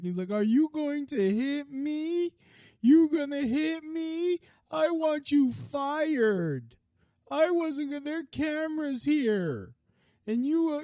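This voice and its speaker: A man rants casually to camera, rambling through fillers and restarts and swearing freely. His voice sits in a middle pitch. The sound is dry, with no room echo. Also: a little mellow. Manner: rambling, profane, many fillers. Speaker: vlogger. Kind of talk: casual rant.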